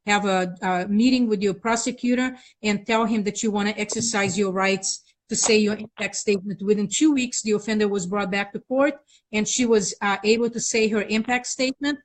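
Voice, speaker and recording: A woman guest speaking as a victims' rights advocate, halting with many fillers as she recounts events with rising indignation. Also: medium pitch. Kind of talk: conversational interview.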